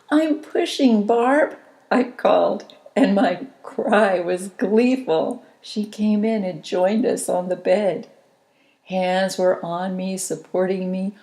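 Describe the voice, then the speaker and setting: A woman reading her own memoir aloud as an audiobook, in a slow, intimate, reflective manner. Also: mid-range voice, warm tone.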